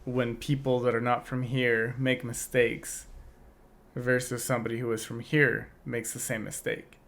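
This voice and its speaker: Slow-talking young man on a podcast. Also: mid-range voice, little pitch movement, a bit bright. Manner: slow, thoughtful questions, trails off. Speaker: podcast co-host. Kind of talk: casual chat.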